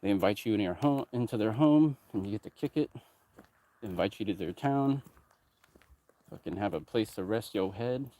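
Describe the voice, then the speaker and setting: Expressive and dark-toned, his voice on the low side and his pace normal, a man who runs a music production company talks casually. He drifts between subjects in a rambling way, cursing freely.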